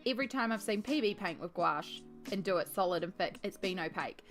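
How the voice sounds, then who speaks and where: An upbeat woman talks to her live-stream chat while she paints, in a relaxed, rambling way. Her voice sits in a middle pitch range. Faint music plays underneath. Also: fast. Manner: chatty and upbeat, reading and answering chat. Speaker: art streamer.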